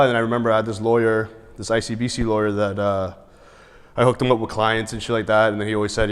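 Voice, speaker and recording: A man's voice: on the low side, little pitch movement, quick pace, smooth, in a large hall. A man, a podcast guest, telling stories in casual, profane chat, often laughing and acting out what others said. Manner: profane, laughs mid-story, acts out quotes.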